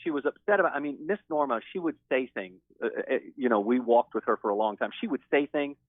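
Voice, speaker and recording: A man speaking as a guest on a call-in show, talking in an excited, emphatic way. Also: mid-range voice, fast talker, dry recording. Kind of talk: call-in interview. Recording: tinny phone line.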